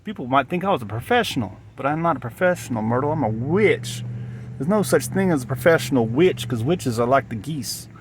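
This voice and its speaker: A man's voice: medium pitch, lively intonation, a little fast, slight background noise. Rambling man musing outdoors. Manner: meandering, musing, repeats himself. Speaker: vlogger. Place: outdoors by a gas station.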